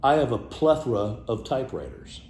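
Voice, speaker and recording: A man casually chatting about his favorite words, playful, trailing off into low muttered asides. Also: big pitch swings, fairly quick, a little mellow, echoey room, slight background noise. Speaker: vlogger sharing favorite words. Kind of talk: casual off-the-cuff monologue.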